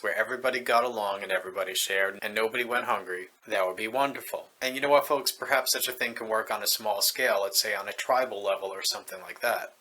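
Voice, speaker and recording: A man delivering video commentary with a sarcastic, mocking edge. His voice sits in a middle pitch and has a bright, forward timbre. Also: low-quality recording. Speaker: political commentator.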